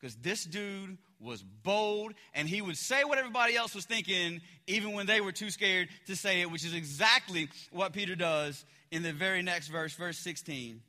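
Pastor guy preaching, chatty and fillers everywhere, high bright voice, big hall echo. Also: moderate pace, few pauses. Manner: casual, animated storytelling with frequent fillers. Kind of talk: sermon.

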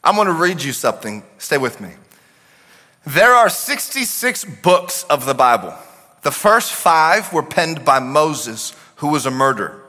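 A man preaching a sermon as pastor, animated, swinging from shouts to quiet asides. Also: on the high side, a little slow. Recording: long hall reverb.

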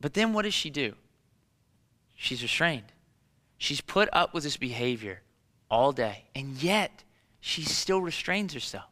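A pastor in his thirties preaches a sermon emphatically, repeating key phrases and posing rhetorical questions. His voice is slightly high, sing-song, and sharp in tone, with a measured pace and long pauses, and it rings with a big-room sound.

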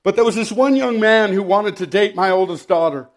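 A middle-aged man preaching a sermon, telling personal stories with dry humor and often clearing his throat. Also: high voice, fairly quick. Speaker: pastor.

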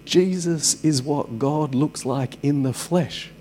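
A man's voice: on the high side, takes it slowly, dark tone. Chatty male pastor preaching with humour. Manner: conversational, with joking asides. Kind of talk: sermon. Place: church service.

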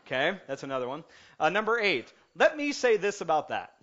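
Brief: male pastor, bright forceful voice, joking then earnest sermon, dull lo-fi recording. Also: on the high side, a little fast. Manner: jokey and animated, then calm and earnest. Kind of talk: lighthearted sermon. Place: church sanctuary. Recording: muffled lo-fi sound.

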